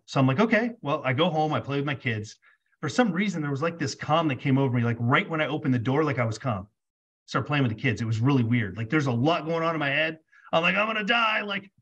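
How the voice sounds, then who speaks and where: Husky man telling a lively story. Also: fairly high pitch, dull audio. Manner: animated storyteller acting out dialogue, many "like"s. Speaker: podcast guest. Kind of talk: casual storytelling.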